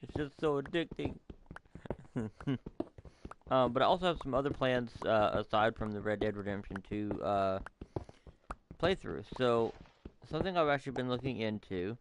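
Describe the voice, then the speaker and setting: A man's voice: fairly low pitch, normal speed, noisy background. A man giving casual, rambling let's-play commentary as a gaming YouTuber, amused by his own asides.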